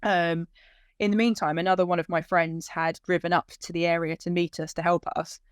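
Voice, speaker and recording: A woman's voice: on the low side, a little fast, smooth, dry recording, studio quality. Woman retelling an emotional story. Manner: animated retelling with quoted dialogue, voice lifting when moved. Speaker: dog owner telling her story.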